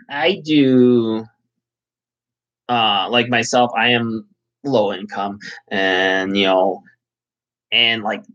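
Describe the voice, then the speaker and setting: A man's voice: on the low side, sharp tone, highs cut off. A man hosting a casual live chat, rambling and swearing, with lots of fillers. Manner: rambling, profane, full of fillers. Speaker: channel host.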